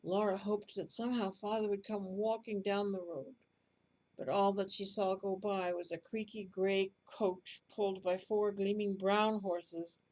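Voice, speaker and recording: A woman reading a children's bedtime story aloud in a gentle, expressive way. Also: mid-range voice, measured pace, poor audio.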